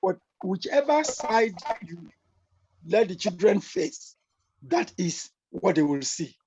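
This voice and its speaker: A middle-aged man hosting a discussion, speaking in a measured way and repeating his key points. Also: high-pitched, big pitch swings, darkish tone, husky. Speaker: talk show host. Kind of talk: casual discussion. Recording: dull lo-fi sound with faint hiss.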